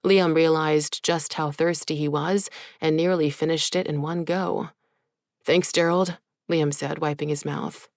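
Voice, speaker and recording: A woman reading a story aloud as audiobook narrator in an even, measured way. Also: deep voice, gravelly, no echo, studio quality. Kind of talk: scripted narration.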